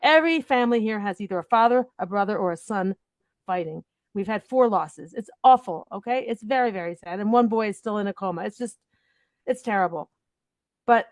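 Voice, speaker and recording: A middle-aged woman with a slightly high voice talks bluntly and with strong feeling. She speaks as a guest in a heated discussion. The sound is dry and close. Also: expressive, brisk, no room sound. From Israel. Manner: emphatic, blunt, emotional. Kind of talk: impassioned discussion.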